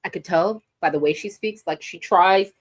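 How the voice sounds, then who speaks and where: A lowish-voiced woman from New York delivers opinionated commentary to camera at a normal speed. As a vlogger, she's animated and sassy, talking right to her audience.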